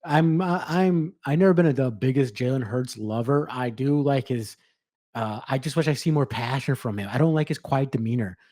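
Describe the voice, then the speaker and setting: Male podcast co-host, rambling and blunt, mellow voice, dry close sound. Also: medium pitch, moderate pace, dry recording. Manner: rambling, frequent restarts, blunt and profane. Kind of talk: casual sports chat.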